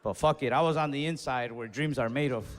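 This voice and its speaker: A man's voice: mid-range voice, a little fast, slight background noise. A young man telling a profane story on stage as a stand-up comedian, slipping into acted-out voices. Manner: animated, acts out other voices, profane and loose. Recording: long hall reverb on stage.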